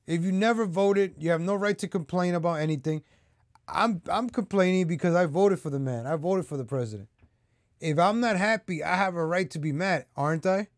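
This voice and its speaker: A man's voice: high-pitched, a little fast, no room sound, studio quality. A man hosting his own political commentary vlog, talking straight to his viewers in a heated, repetitive rant. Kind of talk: ranting opinion vlog.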